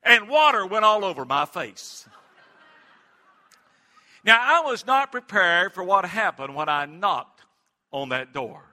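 A middle-aged man preaching from the pulpit, his high voice swooping with lively expression. His tone is bright and ringing. The sound carries a long reverb from the church around him. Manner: animated storytelling preacher, prayerful then lively. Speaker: pastor. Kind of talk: sermon. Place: church sanctuary.

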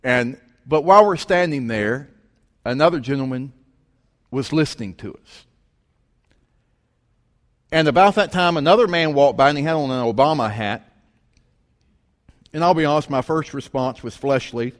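A man preaching, telling a story in an animated way and acting out the voices of the people in it. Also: medium pitch, moderate pace, pauses often. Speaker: pastor. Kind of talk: sermon storytelling. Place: church sanctuary. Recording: long reverb of a large hall.

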